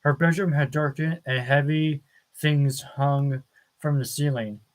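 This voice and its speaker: A man reading a novel aloud as an audiobook, measured and deliberate, with the odd stumble. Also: fairly high pitch, steady tone, rough recording. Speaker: audiobook narrator. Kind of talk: slow dramatic book reading.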